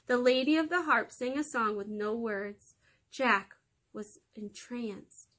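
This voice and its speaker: A woman reading a fairy tale aloud for children with lively, expressive storytelling. Her voice is bright and clear, pitched a little high, and it rings out. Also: slow.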